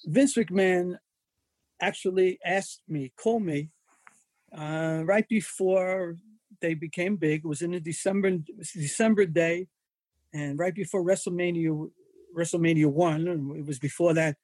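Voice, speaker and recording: Older male interview guest, high husky voice, animated storyteller, dry close recording. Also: unhurried, no echo. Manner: animated anecdotes, acts out quoted voices. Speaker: wrestling photographer and magazine editor.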